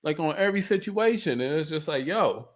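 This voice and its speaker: A man's voice: fairly high pitch, lively intonation, brisk. A man co-hosting a podcast, ranting in a profane, heated way in casual chat. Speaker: podcast co-host.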